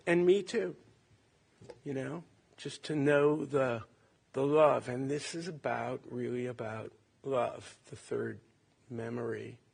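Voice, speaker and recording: A man in his late sixties from Ohio, a son giving a halting, tender eulogy at a funeral. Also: medium pitch, creaky, darkish tone, breathy edge. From Cleveland, Ohio. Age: 60s. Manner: halting, reflective, tender storytelling.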